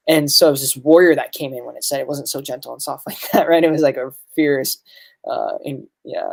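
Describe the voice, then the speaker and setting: A man's voice: medium pitch, fairly quick, vocal fry. A man guest on a podcast, a medicine facilitator telling a spiritual story in an earnest, reflective way, full of "you know" fillers.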